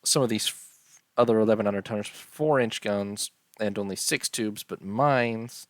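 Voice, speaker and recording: A man giving casual, unhurried commentary on a strategy game, tired and yawning, filling pauses with ums and uhs. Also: lowish voice, no echo. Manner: unhurried, listing details with many ums and uhs. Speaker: strategy game let's-player.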